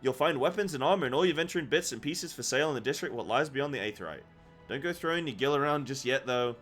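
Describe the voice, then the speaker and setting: A man voicing a gruff, brash old male tavern keeper, reading game dialogue aloud in a rough seafaring dialect. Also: medium pitch, lively intonation, fast, a bit bright, faint music behind, close to an everyday voice. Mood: hearty. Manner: reads quest text aloud in a put-on rough seafaring dialect.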